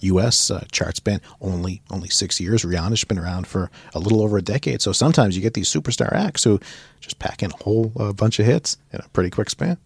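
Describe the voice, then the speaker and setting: A man co-hosting a music podcast who adds quick asides with halting restarts. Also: fairly low pitch, gravelly, slightly rough, dry recording. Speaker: podcast co-host. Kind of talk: casual chat.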